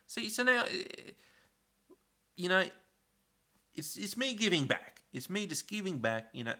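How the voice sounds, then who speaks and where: A man's voice: sits high, very animated, a little slow, pauses often, bright, forceful tone. A man chatting casually on a live stream, rambling and answering viewer comments. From Australia. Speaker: livestream host.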